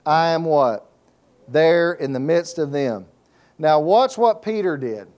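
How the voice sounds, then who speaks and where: A man's voice: fairly high pitch, darkish tone. Preaching man with call-and-response asides. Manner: call-and-response preaching, reads scripture aloud and adds folksy asides. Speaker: pastor. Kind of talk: sermon.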